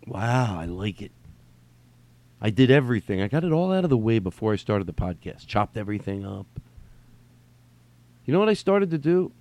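A man's voice: lowish voice, very animated, moderate pace, pauses often, a little mellow, no room sound. A man hosting a solo podcast from home, talking in a rambling, digressive way, swearing and repeating himself. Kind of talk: rambling casual monologue. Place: at home during quarantine.

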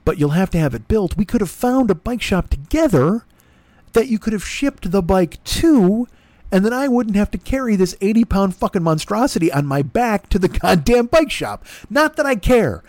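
A man's voice: sits high, expressive, moderate pace, a little mellow, no echo. A middle-aged man rambling through a profane, self-deprecating story as a podcast host, acting out both sides of conversations. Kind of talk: casual storytelling monologue. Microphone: laptop recording.

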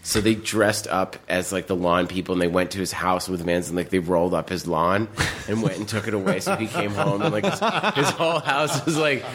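Animated low-voiced man telling stories. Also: fairly quick. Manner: animated storytelling, lots of fillers, laughing. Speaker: podcast guest. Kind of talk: casual chat.

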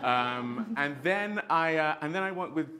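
A man's voice: fairly high pitch, animated, measured pace, a crowd in the background. A man on an actor panel, telling stories expressively and laughing often as he goes. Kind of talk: animated anecdotal storytelling. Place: panel stage.

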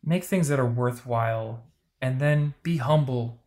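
A male podcast host talking in a casual, emphatic way, hammering his points home in short, punchy bursts. His voice sits at an ordinary middle pitch. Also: a little mellow. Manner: emphatic, punchy advice-giving with quick asides.

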